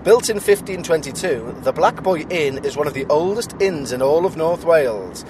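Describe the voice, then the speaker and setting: A man's voice: on the high side, lively intonation, normal speed, background noise. A playful man hosting a ghost-hunting vlog, chatting and reading out spooky local lore while riding in a car. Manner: jokey and playful. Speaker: vlogger and ghost-hunt host. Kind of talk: casual chat and reading out notes. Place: moving car.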